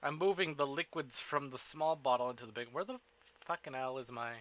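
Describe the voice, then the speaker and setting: A man streaming a visual novel, chatting casually with his chat, excitable and swearing often. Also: medium pitch, brisk, highs cut off. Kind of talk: casual live-stream chat and game reading.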